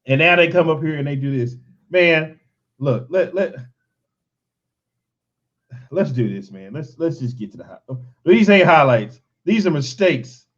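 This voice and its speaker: Fan show host, man, slightly high voice, exasperated joking delivery, dull lo-fi recording. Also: expressive, a little slow, pauses often, a bit bright. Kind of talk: casual sports chat with highlight commentary.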